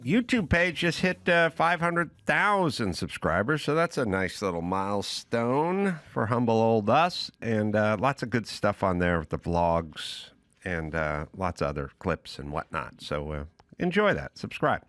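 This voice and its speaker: A man's voice: on the low side, big pitch swings, a little slow, a bit bright, no echo. A man hosting a podcast, ranting in a sardonic, opinionated way and acting out other people's voices. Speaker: podcast host. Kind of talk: casual opinionated monologue.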